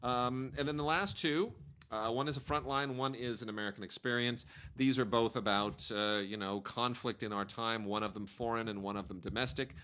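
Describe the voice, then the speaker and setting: A man's voice: mid-range voice, fairly even intonation, normal speed, bright, forceful tone, clear, resonant tone. A man co-hosting a podcast, talking casually about documentaries with lots of fillers and restarts. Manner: rambling, many fillers and restarts. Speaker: podcast co-host reviewing home video releases.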